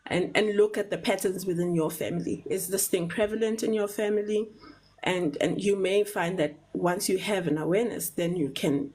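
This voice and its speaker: A South African woman on a live talk show, explaining ideas in a measured way, often repeating words and checking in with "right?". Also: mid-range voice, steady tone, darkish tone, low-quality recording.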